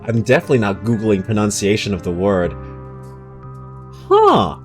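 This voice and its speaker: A young man streaming a game, chatting with viewers in a self-mocking, animated way that jumps into high exclamations. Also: quick pace, soft background music. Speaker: streamer and voice actor. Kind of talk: casual live-stream chat while playing.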